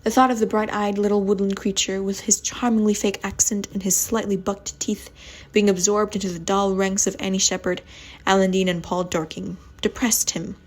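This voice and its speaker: A woman on an ASMR channel reading a spooky story aloud at home, softly, often stumbling over words and restarting them. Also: medium pitch, level tone, normal speed.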